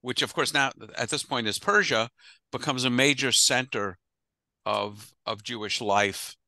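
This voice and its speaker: A man's voice: mid-range voice, a little slow, sharp tone, no room sound. A man, a rabbi, teaching an adult class over a video call in a chatty, digressive way. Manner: chatty, digressive, laughs easily. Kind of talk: casual adult-education lecture.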